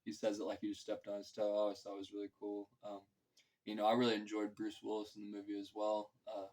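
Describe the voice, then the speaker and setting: A man with a fairly low voice reviews a film in an easygoing, meandering way. His talk is loose and profane, packed with fillers and restarts, and he slips into quoting scenes as he goes. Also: monotone, quick pace, darkish tone, low-quality recording. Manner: filler-heavy, loose and profane, acts out quotes. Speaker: movie reviewer. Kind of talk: casual rambling film review.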